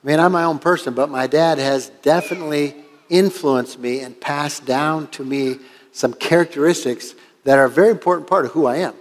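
A man's voice: fairly high pitch, brisk, in a large hall. An older man, a pastor from Washington State, preaching a sermon and telling a story in an earnest, conversational way. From Washington State, USA.

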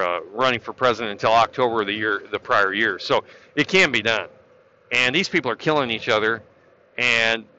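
A man's voice: mid-range voice, bright, forceful tone. A man delivering an opinionated political monologue, with sarcastic outbursts and a ranting, conversational manner. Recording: dull lo-fi recording.

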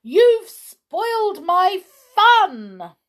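A woman voicing a mischievous long-armed man who squeals in drawn-out, very high cries. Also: sing-song, full character voice. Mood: indignant.

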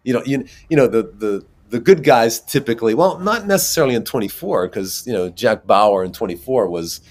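A man, an actor, chatting as an interview guest and telling lively stories with frequent laughs. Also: medium pitch, a little fast. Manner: animated storyteller, laughs often. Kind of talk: casual interview chat.

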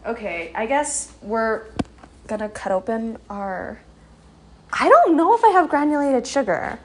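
Her voice runs high and very animated, a little slow, as this young vlogger cooks breakfast at home. She chats her way through a rambling, foul-mouthed storytime, laughing at herself.

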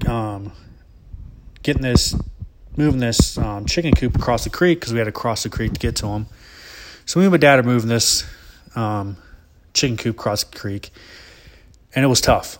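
A man's voice: mid-range voice, a little hiss or hum. A young man from Alabama, telling a family story casually in a rambling, profane, often laughing way. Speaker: vlogger.

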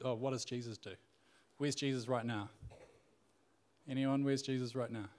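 A man's voice: mid-range voice, a little mellow. Casual man preaching, loose and conversational. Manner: conversational, with frequent fillers and restarts. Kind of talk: casual sermon retelling a Bible story.

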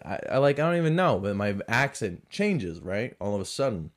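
A man's voice: on the low side, expressive, normal speed, hardly any pauses. A man with a mix of Southern US and Boston accent, hosting a podcast in a rambling, self-mocking storytelling style. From American South and New England. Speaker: podcast host. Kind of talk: casual storytelling monologue.

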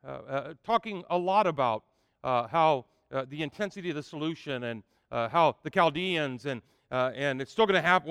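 A man's voice: on the high side, expressive, fairly quick, gravelly, a bit bright, smooth, no room sound, clean studio sound, big-room sound. A man preaching a sermon, reading scripture aloud with rising emphasis and frequent "uh" fillers. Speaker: pastor.

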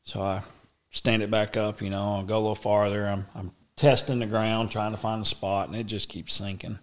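A middle-aged man tells a story in a casual, animated way and acts out what people said. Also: lowish voice, normal speed. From Oklahoma, USA. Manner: animated, acts out quoted speech, drawling. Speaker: interview guest.

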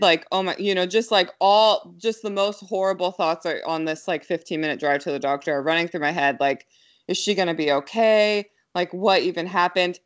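Young woman, slightly low voice, brisk animated storyteller, filler-heavy casual chat. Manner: quick, animated, lots of fillers.

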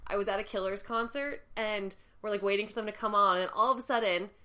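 A woman's voice: medium pitch, pushed and bright. Teasing woman podcast co-host. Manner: teasing, quick to laugh and question. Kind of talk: casual chat.

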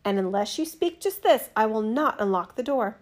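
A woman voicing a frightened little girl from a fairy tale, begging in a high, urgent voice. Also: expressive, normal speed, close to an everyday voice. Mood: firm.

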